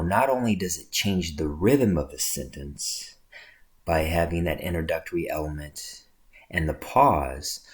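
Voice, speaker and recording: Male English instructor, very low voice, patient explanatory lecture delivery. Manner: explanatory, checks in with "right?". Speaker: English teacher. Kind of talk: recorded lecture.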